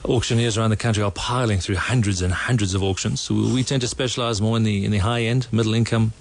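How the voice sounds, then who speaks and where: A man in his thirties with a gravelly, fry-tinged voice, speaking as a guest on a radio show. He answers in a relaxed, confident way. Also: on the low side, fast talker, a little hiss or hum. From South Africa. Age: 30s. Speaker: auctioneer guest.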